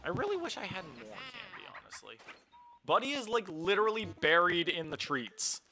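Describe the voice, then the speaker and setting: A man's voice: sits high, normal speed, music in the background. A man streaming a video game, chatting casually and poking fun at his own play. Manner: relaxed, self-mocking, chatty. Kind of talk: casual gameplay commentary.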